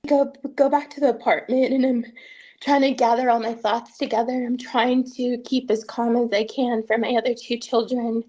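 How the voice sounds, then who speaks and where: A woman recounting painful family events as an interviewee in a documentary, speaking earnestly with halting restarts. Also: on the high side, little pitch movement, dark tone. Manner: earnest, halting first-person retelling with restarts. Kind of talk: documentary testimony.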